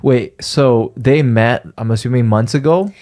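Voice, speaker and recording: A woman's voice: very deep voice, measured pace, dark tone. A woman co-hosting a podcast, chiming in with short, curious questions in casual chat. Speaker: podcast co-host.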